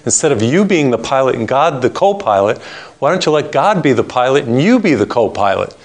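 A man preaching a sermon, reading scripture and telling a joke, slowing down to stress his points. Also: mid-range voice, big pitch swings. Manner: storytelling, varied pace, emphatic slowing on key points.

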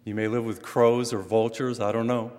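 A middle-aged man from western Massachusetts, a priest preaching a sermon with animated emphasis and light humor. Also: mid-range voice, normal speed. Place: church. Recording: long reverb from a large hall.

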